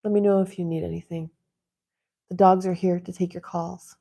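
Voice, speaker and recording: A woman hosting a casual livestream from home, chatting in a relaxed way and talking to her dogs now and then. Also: on the low side, normal speed, creaky. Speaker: livestream host. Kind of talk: casual live-stream chat.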